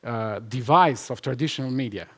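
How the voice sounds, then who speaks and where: A man speaks at a live conference, hammering points with repetition. His voice sits in a middle pitch, and he laughs easily as he answers questions. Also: moderate pace, fairly bright tone, slightly rough. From Albania. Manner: emphatic, repetitive, laughs often. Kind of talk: conference talk and Q&A. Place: conference hall with live audience.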